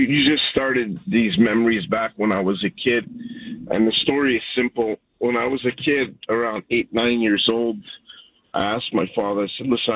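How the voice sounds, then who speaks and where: A man's voice: fairly low pitch, fairly bright tone, no echo. A man in his sixties from Canada, calling in to a radio show and telling a heartfelt, rambling story. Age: 60s. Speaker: caller. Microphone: phone. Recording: dull lo-fi phone-in line.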